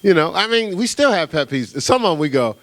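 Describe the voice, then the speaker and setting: Animated middle-aged male pastor. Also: high voice, fairly quick, no room sound. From New Jersey. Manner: animated storytelling, casual and conversational, with repeated "right?". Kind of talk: sermon.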